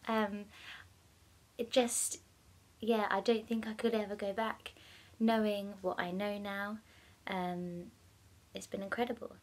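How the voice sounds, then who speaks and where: A young woman talking casually in a personal vlog, chatty, with many ums and bursts of excitement. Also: medium pitch, slow pace, long pauses. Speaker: vlogger.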